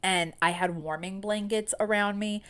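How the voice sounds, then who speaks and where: A woman's voice: mid-range voice, steady tone, moderate pace, fairly bright tone, clean tone. A woman in her thirties, a podcast host telling a candid personal story in a chatty way, full of fillers.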